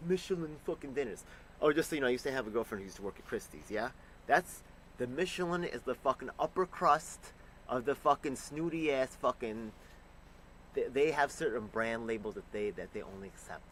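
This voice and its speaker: A man angrily reacting to a news clip, ranting and swearing with sudden loud bursts. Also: mid-range voice, brisk, a little hiss or hum, low-quality recording. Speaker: commentator reacting to news clips. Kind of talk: profane reaction commentary.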